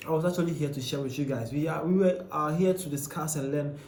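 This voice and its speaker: Man, fairly high voice, casual commentary host, loose and questioning, roomy echo. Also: fast talker, a little mellow, a little hiss or hum. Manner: conversational, questioning, with many fillers and restarts. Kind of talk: casual commentary on a ranked list.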